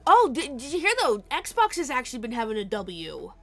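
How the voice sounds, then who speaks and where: A woman's voice: on the high side, moderate pace. A woman streamer chatting casually and profanely while playing, with faint music behind. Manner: profane, animated, laughing often. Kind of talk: casual gaming stream chat.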